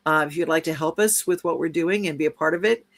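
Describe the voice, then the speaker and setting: A woman's voice: sits low, fast. A woman co-hosting a podcast, talking enthusiastically in casual chat about travel and upcoming plans. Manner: enthusiastic, promotional. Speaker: podcast co-host.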